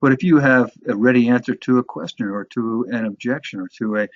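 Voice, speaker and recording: A man from the New York area teaches a course on sales presentations, speaking conversationally with frequent restarts and repeated words. His medium-pitched voice is fairly quick, and the recording is dry and lo-fi.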